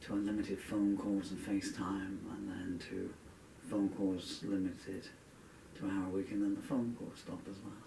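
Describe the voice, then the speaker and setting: A man's voice: deep voice, flat delivery, measured pace, creaky, dark tone, a little hiss or hum. A man, a singer-songwriter chatting casually between songs in a rambling, earnest way that trails off. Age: 60s. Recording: echoey room, distant dull lo-fi mic.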